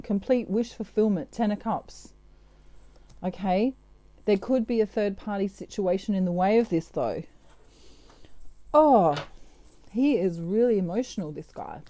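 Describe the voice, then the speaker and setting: Woman doing a chatty tarot reading, mellow deep-toned voice, lots of "you know". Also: moderate pace, no echo. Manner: chatty, with frequent fillers and asides. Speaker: tarot reader. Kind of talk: casual channelled tarot reading.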